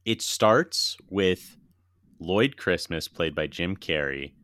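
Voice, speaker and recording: Man, very low pitch, smooth clear voice, excited casual movie chat. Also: slow pace, no room sound, clean studio sound. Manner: enthusiastic, swears, retells scenes with laughter. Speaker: podcast co-host.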